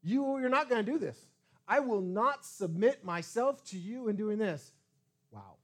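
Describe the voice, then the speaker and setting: Male pastor, fairly high voice, very lively pitch, preaching a sermon, swinging loud and soft. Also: unhurried. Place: church sanctuary.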